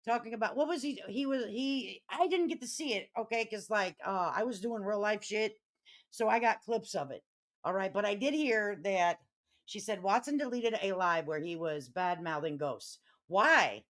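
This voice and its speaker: A middle-aged woman with a Chicago accent hosts a chatty live stream. Her delivery is brash and peppered with swearing, and she flares into loud, riled-up bursts. Her voice sits at an ordinary pitch for a woman. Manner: brash, profane, quick to get riled up and loud. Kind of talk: casual live-stream chat.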